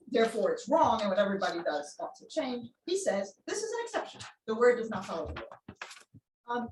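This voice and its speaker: A woman's voice: fairly high pitch, slight background noise. A woman giving an academic seminar lecture, explaining as she goes with frequent ums and answering questions from the room. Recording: echoey room, voice a bit distant.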